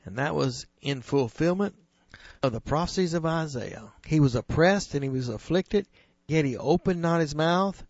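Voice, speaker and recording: A man preaching a sermon that retells scripture, earnest and emphatic, slowing on key phrases. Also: a little high, lively intonation, darkish tone, dry recording, highs cut off.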